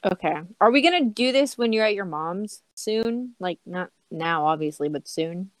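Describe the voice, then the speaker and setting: A woman on a group video call, organizing the plans with a bossy, joking manner and quick laughs. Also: medium pitch, lively intonation, no room sound. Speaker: organizer of a group parody film. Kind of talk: casual chat on a group call.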